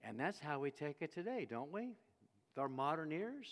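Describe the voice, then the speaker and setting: A man preaching a sermon, telling the story with animated delivery and acting out the quoted voices. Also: a little high, moderate pace. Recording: long reverb of a hall.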